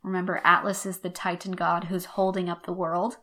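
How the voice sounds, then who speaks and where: A woman hosting a podcast lesson, explaining an old text in a wry, chatty way and slowing down to read quotations. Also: fairly low pitch, level tone, bright, forceful tone. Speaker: podcast host teaching literature.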